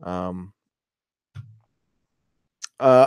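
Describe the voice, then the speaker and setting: A man's voice: mid-range voice, animated, slow pace, long pauses, clear, resonant tone, no room sound. Profane, rambling man in a dry room. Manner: rambling, profane, laughs at own stories. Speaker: host reading live chat. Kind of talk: casual live-stream chat.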